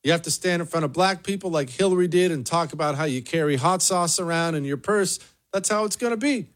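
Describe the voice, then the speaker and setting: On the high side and fairly quick, a man runs a political commentary program by himself. His monologue drips with sarcasm, hits hard, and repeats lines for effect.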